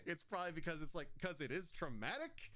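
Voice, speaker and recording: A man's voice: fairly high pitch, sing-song, fast talker, bright, forceful tone. A man hosting a casual chat, rambling and laughing often as he talks. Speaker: podcast host.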